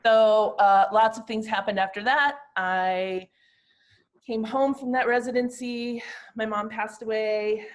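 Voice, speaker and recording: A woman in her fifties, a glass artist, talking through slides of her own work in a reflective, halting, personal way. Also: fairly high pitch, fairly even intonation. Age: 50s.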